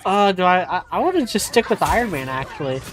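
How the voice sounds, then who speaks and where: Brief: woman streamer, low pitch, animated, rambling with restarts, game music faintly behind. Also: fast. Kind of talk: casual gameplay commentary.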